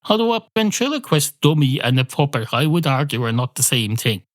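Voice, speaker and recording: A man's voice: mid-range voice, very animated, fairly quick, dry recording. A man hosting a solo comedy podcast, rambling through sweary, mock-indignant asides. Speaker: podcast host.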